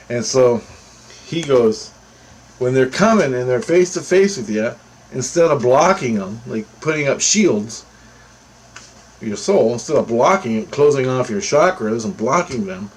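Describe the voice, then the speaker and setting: A man with a husky, slightly breathy voice at a middle pitch, recounting a personal experience in loose, casual monologue. He rambles and repeats himself, and grows animated when he quotes others. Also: poor audio.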